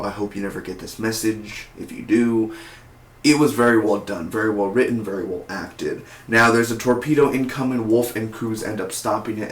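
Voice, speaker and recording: A man reviewing a TV episode in a casual video, rambling, repeating words and correcting himself as he goes. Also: on the low side. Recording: echoey room with faint noise.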